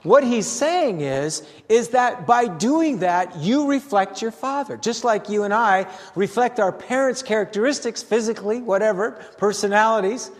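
An older man preaches with a high, lively voice that swoops up and down. He asks his congregation questions and reads passages aloud, and his voice trails into a long hall reverb. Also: normal speed, hardly any pauses. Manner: animated preaching with asides to the congregation. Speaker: pastor. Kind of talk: sermon.

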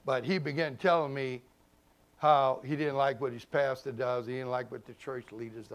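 A man, a pastor preaching a sermon in a conversational way, swinging between loud emphasis and hushed asides. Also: medium pitch, steady tone, moderate pace. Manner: conversational, informal grammar and repeated phrases.

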